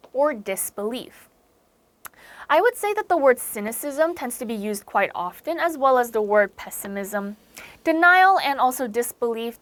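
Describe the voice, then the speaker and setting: A woman's voice: a little high, no room sound. A young American woman teaching English vocabulary in an online lecture, chatty, explaining each word by rephrasing it and using plenty of fillers. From United States.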